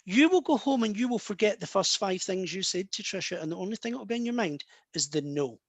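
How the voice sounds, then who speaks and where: A medium from Scotland answers audience questions in casual talk, his Scottish accent friendly and reassuring as he calls listeners "guys" and "love." The high-pitched, animated voice moves at a quick pace in a dry recording.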